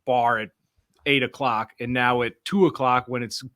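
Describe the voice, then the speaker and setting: A man's voice: mid-range voice, fairly even intonation, moderate pace, sharp tone, no echo. Dry, teasing male radio host. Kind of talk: casual radio banter.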